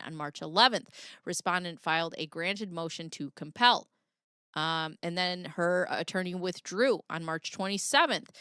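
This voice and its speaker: A woman's voice: on the low side, bright, forceful tone, smooth, no room sound, studio quality. A woman in her thirties reading court documents aloud on a live stream, breaking off for jokey asides. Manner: chatty, jokey, reads legal text aloud with asides. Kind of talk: casual live-stream commentary.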